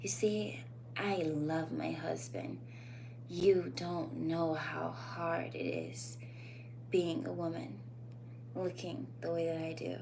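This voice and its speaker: A woman putting on the voice of a sultry cartoon femme fatale, speaking slowly in a soft, breathy half-whisper. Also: deep voice, steady tone, background noise, full character voice. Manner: slow, soft, seductive delivery.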